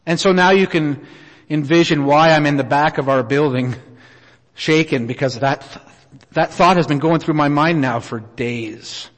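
Preacher with earnest storytelling in a reverberant hall. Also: male voice, a little high. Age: middle-aged. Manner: earnest, unhurried storytelling with many pauses. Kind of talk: sermon with personal story. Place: church auditorium.

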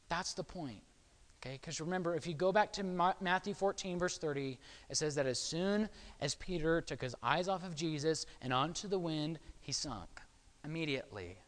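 Preaching at a moderate pace in a voice on the high side, this man has a fairly bright tone that rings with long reverb. His sermon feels conversational, dotted with frequent "okay?" check-ins to the audience.

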